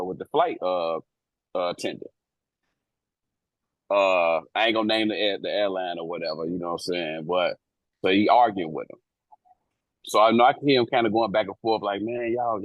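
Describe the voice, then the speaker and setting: A man's voice: fairly low pitch, dry recording, phone-quality sound. A man co-hosting a talk show, casually telling a story from his job as an airport officer in a slangy, profane way, acting out the people in it. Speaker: airport police officer and co-host.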